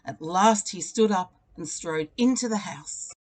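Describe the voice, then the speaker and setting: A teacher reading a children's picture book aloud, telling the story expressively and leaning into its repeated refrains. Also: female voice, fairly low pitch, unhurried, darkish tone.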